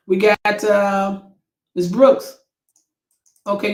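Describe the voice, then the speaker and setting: A woman's voice: mid-range voice, roomy sound, low-quality recording. A woman hosting a casual commentary channel, reading viewer comments and reacting emphatically and preachily. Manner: emphatic, preachy, exclaims to the Lord.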